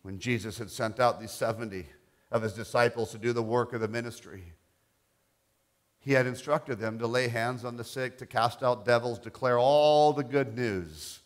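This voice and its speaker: Middle-aged guy preaching, soft storytelling that swells into loud fired-up declaring. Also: medium pitch, steady tone, moderate pace. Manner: quiet storytelling building to loud, impassioned declarations. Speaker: pastor. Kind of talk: sermon with testimony.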